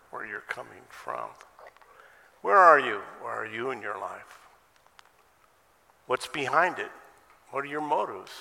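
A man's voice: mid-range voice, vocal fry, sharp tone, big-room sound. An American man preaching a sermon, firing off rhetorical questions and folksy asides. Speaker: pastor.

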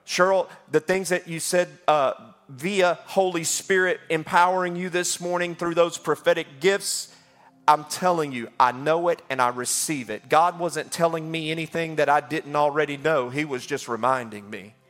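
A man's voice: fairly high pitch, fairly bright tone. A middle-aged man, a pastor preaching a passionate call-and-response sermon in a church. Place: church sanctuary.

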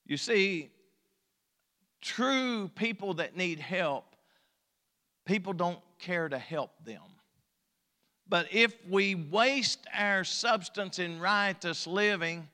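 High, bright-voiced preacher in a reverberant hall. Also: male voice, very animated, slow pace, pauses often. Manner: folksy preaching, swings from hushed storytelling to loud exhortation. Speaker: pastor. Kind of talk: sermon. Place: church sanctuary.

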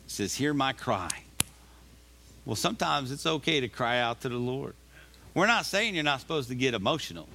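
A male pastor delivering a sermon, reading scripture slowly and urging listeners on with emphatic, repeated exhortations. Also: mid-range voice, big pitch swings, vocal fry, sharp tone. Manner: reads scripture aloud slowly.

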